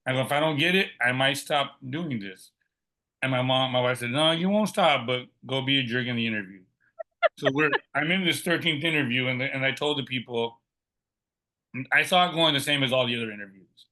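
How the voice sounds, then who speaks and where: Brief: middle-aged man, guest storyteller, bright and forceful tone, acts out what others said. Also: mid-range voice, fairly quick. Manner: lively, acts out quoted dialogue. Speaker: podcast guest. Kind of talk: personal storytelling.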